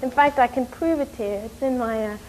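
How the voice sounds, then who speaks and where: A woman from New York telling a story in an interview, animated and rushing, with many fillers. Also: fairly high pitch, slight background noise, poor audio. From New York, USA. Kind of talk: casual storytelling.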